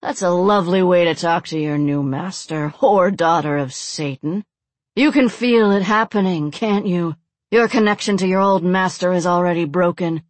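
A woman's voice: on the low side, moderate pace, no echo, lightly acted. A woman voicing a hardened old male cult priest who speaks solemnly and gloats with cruel command. The recording is dry and close. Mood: gloating.

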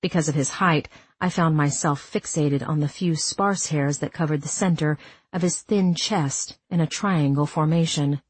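Low husky woman narrating a memoir. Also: normal speed, dry recording. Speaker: audiobook narrator. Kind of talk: first-person audiobook narration.

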